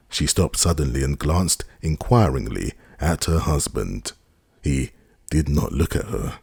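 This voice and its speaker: A man narrating a classic novel as an audiobook in a steady, expressive reading. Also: very deep voice, a little slow, gravelly, husky, dry recording, clean studio sound. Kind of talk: scripted narration.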